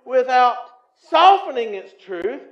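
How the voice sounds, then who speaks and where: High-voiced Southern preacher in an echoey church. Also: male voice, very animated, takes it slowly. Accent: Southern American. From Tennessee. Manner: swings between loud emphatic preaching and low, quiet asides. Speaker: pastor. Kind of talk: sermon. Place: church sanctuary. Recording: echoey, slightly muffled church recording.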